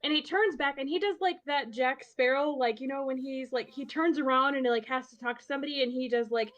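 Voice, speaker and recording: A woman's voice: high voice, fairly quick, fairly bright tone, highs cut off. A woman playing in a tabletop role-playing game, rambling and giggly. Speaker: player. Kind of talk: tabletop role-play chat.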